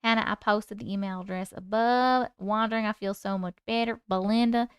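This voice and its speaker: A woman's voice: mid-range voice, steady tone, fairly quick, clean tone, dry recording, clean studio sound. A woman hosting a casual live stream, chatting and reading viewer comments aloud. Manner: chatty, reads out viewer comments and thanks gifts. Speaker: host reading chat on a livestream.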